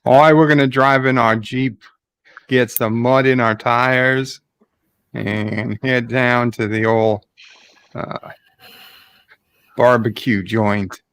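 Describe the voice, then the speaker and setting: A man's voice: medium pitch, steady tone, slow, pauses often, a bit bright, clear, resonant tone. A man putting on a North Carolina accent as a folksy country man. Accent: put-on North Carolina Southern.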